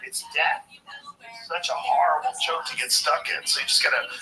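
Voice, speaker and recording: A man's voice: fairly high pitch, wildly swooping pitch, normal speed, sharp tone, faint music behind. A man in casual podcast chat, blunt, intense and profane as he explains things. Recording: voice from a distance off mic.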